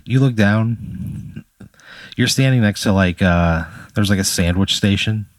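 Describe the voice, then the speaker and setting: A man's voice: lowish voice, measured pace, no room sound. A man telling an improvised comedy story, rambling with lots of filler words.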